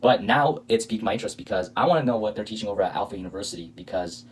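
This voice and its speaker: A man's voice: fairly low pitch, very fast, slight background noise, rough recording. A man hosting a reaction video, talking casually with sarcastic, indignant, rambling commentary.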